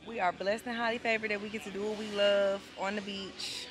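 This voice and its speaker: A woman vlogging on a beach, talking casually to her viewers, loud and excitable, then tearful and grateful. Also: medium pitch, brisk, noisy background. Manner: loud, excited, emotional, Southern US slang. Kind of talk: casual vlog talk to camera. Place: outdoors on a beach.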